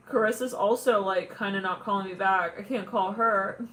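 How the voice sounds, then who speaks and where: A woman's voice: mid-range voice, steady tone, unhurried, fairly bright tone, a little hiss or hum. A woman giving a casual tarot reading, chatty and giggly, often acting out imagined callers. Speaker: tarot reader.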